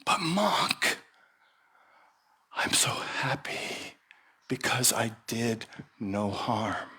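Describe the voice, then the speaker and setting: A man voicing a humbled male snake who was once dangerous, speaking softly and plaintively, at times near a whisper, in a sermon parable. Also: a little high, lively intonation, slow pace, pitched above the performer's own voice, heavily acted. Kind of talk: storytelling sermon.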